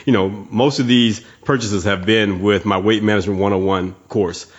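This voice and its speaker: A man's voice: steady tone, normal speed, slightly rough, highs cut off. A man hosting a podcast, talking in a laid-back, casual way and laughing often. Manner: laid-back, laughing, mimics people in a high voice. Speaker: podcast host.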